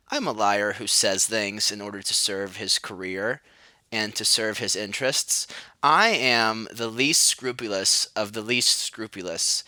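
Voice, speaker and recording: Sardonic man with a bright, dry voice. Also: on the low side, no room sound. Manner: sardonic, self-mocking, shouts mock cries. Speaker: podcast host. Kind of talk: solo rambling monologue.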